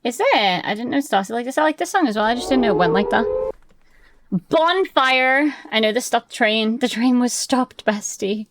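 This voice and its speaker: A young woman live-streaming, chatting excitably and rambling while she plays, swearing freely. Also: fairly high pitch, fairly quick, few pauses, slight background noise. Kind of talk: casual live-stream chat while gaming.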